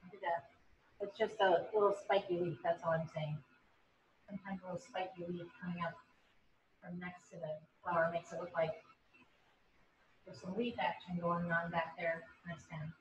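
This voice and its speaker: On a video call, a woman leads an online painting class, chatting and encouraging, and turning bubbly when she praises someone. Her voice is on the low side, level and moderately paced with frequent pauses, and the audio is dull with slight background noise.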